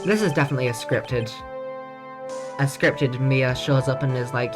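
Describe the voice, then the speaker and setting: A woman streaming herself playing a courtroom video game, joking, swearing and bursting out in quick excitement as she reads the dialogue aloud. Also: extremely low pitch, music in the background. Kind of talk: casual gameplay commentary with read-aloud dialogue.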